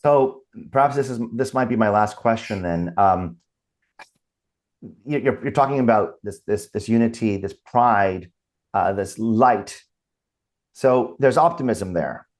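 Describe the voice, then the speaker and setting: A man's voice: fairly low pitch, a little slow. Hesitant male interview host. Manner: hesitant, searching for words. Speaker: podcast host, cantor. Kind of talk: interview questions.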